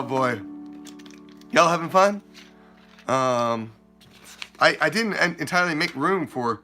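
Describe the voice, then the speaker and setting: A man's voice: medium pitch, creaky, bright, forceful tone. A man hosting a Celtic music show, chatting casually between songs in a loose, joking way that trails off and restarts.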